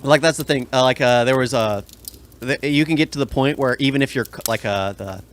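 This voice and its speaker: A man's voice: medium pitch, a little fast. Rambling young man telling work stories. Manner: rambling storyteller, many restarts. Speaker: podcast co-host. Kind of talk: casual podcast chat.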